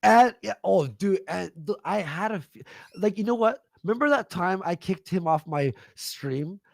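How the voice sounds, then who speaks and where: A man's voice: sits high, lively intonation, normal speed, creaky, no echo, studio quality. A man on a livestream, angrily ranting and hurling profane insults. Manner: angry, profane, shouting insults. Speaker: livestream guest. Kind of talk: heated livestream rant.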